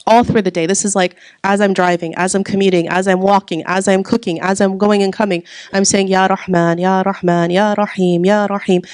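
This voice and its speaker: A woman's voice: mid-range voice, a little mellow, no echo. A woman giving a religious talk to a live audience, asking them questions and repeating key words for emphasis. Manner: asks the audience questions and waits for answers. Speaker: religious teacher.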